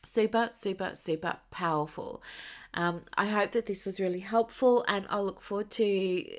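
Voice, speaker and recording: A woman's voice: mid-range voice, normal speed. A woman hosting a solo podcast as a business coach, chatting casually with many fillers and small laughs, and she has the hiccups. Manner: chatty and warm, with frequent fillers and little laughs.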